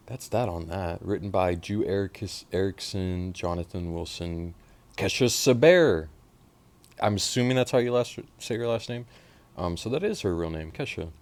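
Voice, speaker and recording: A man from Oklahoma casually reacting to a pop album as host, animated and profane, sometimes mumbling and sometimes bursting out loud. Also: low-pitched, vocal fry.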